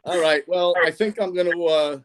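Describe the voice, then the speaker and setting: A man's voice: sits high, normal speed. A man telling jokes on a video call, rambling and correcting himself as he goes. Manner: rambling delivery, fumbles and corrects himself mid-joke. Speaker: joke-teller at an online comedy night.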